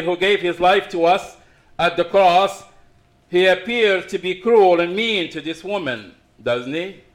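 Preaching man, higher voice. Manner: preaching with rising emphasis, then dropping to quiet asides. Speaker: pastor. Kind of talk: sermon.

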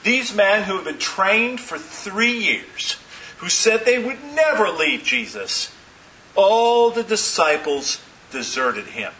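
A man's voice: high-pitched, very animated, takes it slowly, bright, forceful tone, recorded from a distance, rough recording. A man preaching a sermon, retelling scripture with dramatic, emphatic repetition.

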